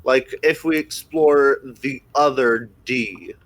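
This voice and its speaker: A man playing in a tabletop game, hesitant and slow to suggest plans. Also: medium pitch, fairly bright tone. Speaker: player.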